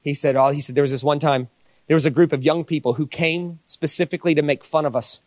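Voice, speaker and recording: A man preaching a sermon, telling stories with lively dialogue and playful asides. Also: fairly high pitch, fast talker, dry recording. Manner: animated storytelling with mock voices. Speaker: pastor.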